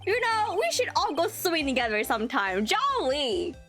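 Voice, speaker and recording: A woman's voice: sits high, very animated, normal speed, a bit bright, faint music behind, voice pushed up. A woman voicing a jolly, boisterous older male police chief who talks in a hearty, overly familiar way.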